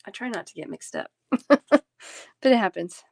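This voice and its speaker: A woman's voice: fairly high pitch, lively intonation, normal speed, creaky, no room sound, studio quality. A woman in her thirties, a talkative and giggly live-stream bead seller chatting casually with her viewers.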